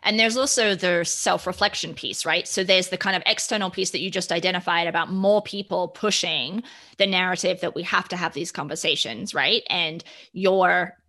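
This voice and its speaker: A woman's voice: on the low side, fairly even intonation, normal speed, bright, forceful tone. A woman speaking earnestly in a reflective podcast conversation, often checking in with "right?".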